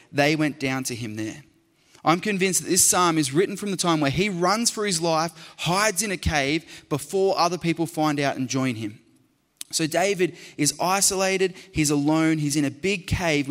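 A man delivers a sermon in a somewhat high voice. He talks his listeners through a scripture passage. He builds to passionate emphasis and repeats key phrases for weight. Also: a bit bright, in a large hall. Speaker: preacher.

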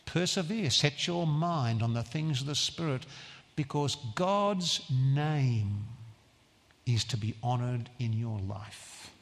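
A man preaching a sermon in a church, earnest and emphatic, stressing phrases slowly. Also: medium pitch, animated, big-room sound.

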